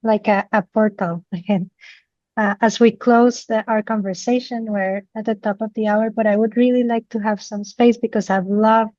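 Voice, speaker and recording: A woman podcast host talking thoughtfully, often pausing with "you know" fillers. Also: mid-range voice, fairly even intonation, a little mellow, dry recording, muffled recording. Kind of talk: reflective conversation.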